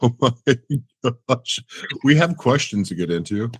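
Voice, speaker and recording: A man's voice: mid-range voice, very animated, a little slow, breathy edge, no room sound. A man hosting a podcast interview, chatting casually, laughing often and acting out his own reactions in a self-deprecating way. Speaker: podcast host.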